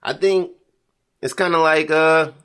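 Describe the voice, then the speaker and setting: A man's voice: a little high, fairly even intonation, a bit bright, clean tone. Laid-back man thinking aloud. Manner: measured, thinks aloud with many fillers. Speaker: podcast co-host. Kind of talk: casual podcast chat.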